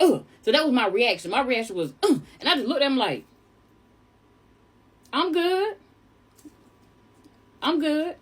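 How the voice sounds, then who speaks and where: A young woman from New York telling a chatty storytime tale, animated and calling listeners honey. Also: on the high side, slightly rough. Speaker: storyteller vlogger. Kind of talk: casual storytime monologue.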